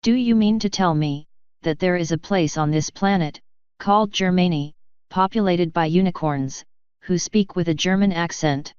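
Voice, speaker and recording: A woman's voice: lowish voice, normal speed, darkish tone, clear, resonant tone, no room sound, natural voice. A woman voicing a blunt, growling human war veteran in a dull lo-fi recording. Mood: gruff.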